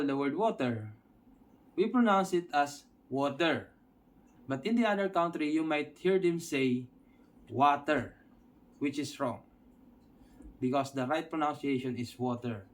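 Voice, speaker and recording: A man from the Philippines with a Filipino accent, teaching an English lesson step by step and often checking in with his listeners. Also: mid-range voice. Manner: explains step by step, checks in with "Okay?". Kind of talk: instructional video lesson.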